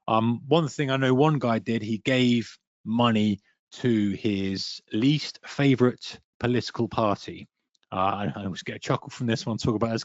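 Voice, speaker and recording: A man's voice: medium pitch, dry recording. A man teaching a trading webinar, talking straight to the listener and acting out a trader's inner voice. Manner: energetic, talks to listener directly, acts out a trader's inner voice. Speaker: trading coach. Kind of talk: webinar lesson. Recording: dry, muffled webinar audio.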